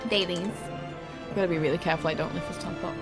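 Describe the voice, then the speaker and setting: A woman's voice: lowish voice, fairly even intonation, fast talker, over loud music. A young adult woman streaming a game, chatting casually with her viewers, laughing often and swearing freely. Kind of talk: casual live-stream chat.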